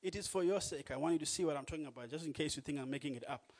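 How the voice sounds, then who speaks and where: A man delivers a sermon from the pulpit through a church microphone. His voice sits high for a man. He speaks earnestly and swells into loud, emphatic declarations. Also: very fast. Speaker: preacher. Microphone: microphone on a church sound system.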